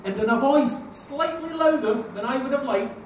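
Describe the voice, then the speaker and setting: A man with a Scottish accent doing a crude, animated stand-up comedy set, slipping into put-on voices. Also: very high voice, normal speed. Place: live comedy venue with audience. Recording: echoey room, mic heard from far off, noisy.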